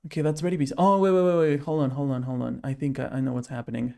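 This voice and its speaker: A man's voice: mid-range voice, steady tone, fast talker, creaky, mellow, faint music behind. A man streaming himself playing a game, chatting casually and haggling jokingly with the characters on screen. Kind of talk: casual live-stream commentary while gaming.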